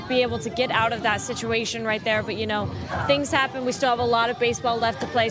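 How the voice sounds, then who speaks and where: A young woman giving a bubbly, giggly sideline report at an outdoor ballpark. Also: a little high. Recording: outdoor ballpark with crowd and music. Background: crowd and music.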